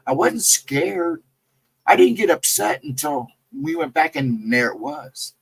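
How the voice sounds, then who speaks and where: A man casually telling a personal encounter story, rambling and jumping sharply higher in pitch when he quotes himself. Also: wildly swooping pitch, unhurried, vocal fry, slightly rough, dry recording, low-quality recording. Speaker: guest storyteller.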